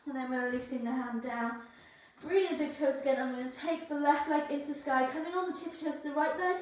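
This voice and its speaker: A yoga instructor with a high, darkish voice leads a flow class, talking fast as she cues each pose and breath with encouragement, out of breath from the effort. She's picked up from a distance in a very echoey room.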